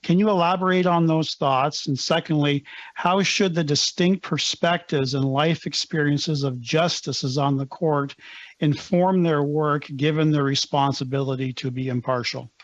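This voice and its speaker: A man's voice: on the high side, fairly even intonation, moderate pace, dry recording, lo-fi sound. A man on a committee reading out formal, prepared questions at a hearing. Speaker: committee member asking questions.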